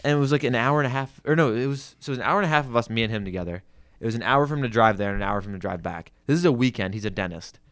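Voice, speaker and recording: A man's voice: mid-range voice, expressive, rapid-fire, fairly bright tone. A young man who works as a car salesman tells a rambling story on a casual podcast, leaning on "like" and swearing freely.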